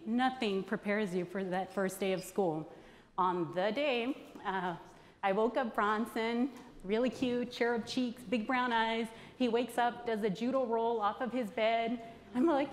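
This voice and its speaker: A woman in her thirties hosting a conference, telling a personal story to the audience in an anecdotal way with pauses. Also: a little high. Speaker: conference host introducing candidates. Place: large conference hall. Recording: long hall reverb.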